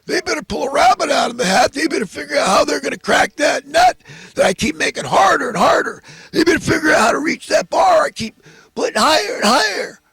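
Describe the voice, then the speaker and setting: A man voicing a greedy, insatiable landlord who gloats and shouts his demands. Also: very high-pitched, very animated, a little fast, vocal fry, dry recording, pitched above the performer's own voice, exaggerated voice. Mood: gloating greedy.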